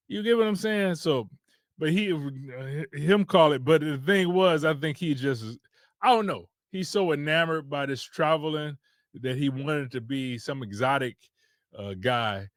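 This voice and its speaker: A man's voice: a little high, expressive, moderate pace, no room sound, studio quality. A man from Detroit, a podcast host, telling a casual rambling story with loose restarts.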